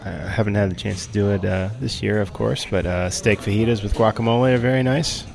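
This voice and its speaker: A man's voice: on the low side, fairly even intonation, fairly quick, vocal fry, a crowd in the background. A man on a brewery podcast talking in a laid-back, hesitant way, leaning on fillers. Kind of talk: casual podcast chat.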